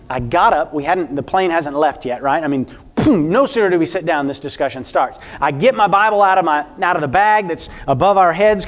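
A man with a high voice preaches a sermon. He tells a personal story with animated energy and turns often to his listeners with questions. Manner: storytelling, animated, addresses congregation directly.

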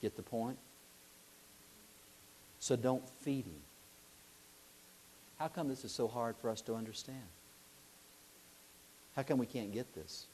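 A middle-aged man preaching a sermon, telling a lively story, acting out voices and asking his listeners questions. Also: mid-range voice, takes it slowly, pauses often, slight background noise.

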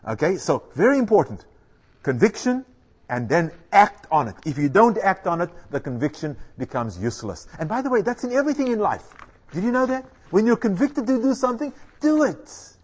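A middle-aged man preaching with an animated, lively voice that sits a little high for a man. He drives his points home emphatically, quizzing his listeners and repeating key words. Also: fairly quick, husky. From South Africa. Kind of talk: sermon.

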